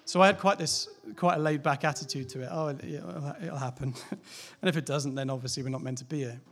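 A man's voice: medium pitch, steady tone, quick pace. A man, a pastor, preaching a sermon in a candid, conversational way, asking rhetorical questions and laughing lightly now and then.

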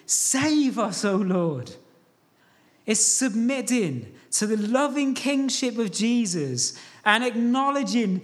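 A man preaching in a very high voice that rises and falls in lively swoops. He speaks slowly and earnestly, urging his listeners and answering his own questions. It sounds like a pastor delivering a sermon.

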